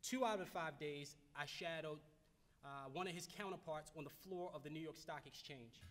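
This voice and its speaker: A fairly high-pitched man in his thirties, from Baltimore, delivers a motivational keynote. He speaks earnestly, repeating phrases for emphasis and stumbling into restarts. His voice rings out with a long reverb in a large banquet hall. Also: moderate pace. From Baltimore, United States.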